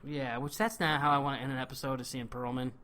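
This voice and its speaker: A man co-hosting a casual TV recap podcast, animated and incredulous, with plenty of swearing. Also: medium pitch, fast talker. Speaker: podcast co-host.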